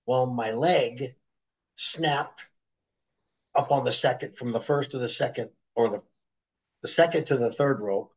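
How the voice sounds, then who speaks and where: Gravelly middle-aged man telling stories. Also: mid-range voice, unhurried, long pauses, poor audio. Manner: animated storyteller who acts out voices. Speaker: guest, former wrestler. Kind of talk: storytelling interview.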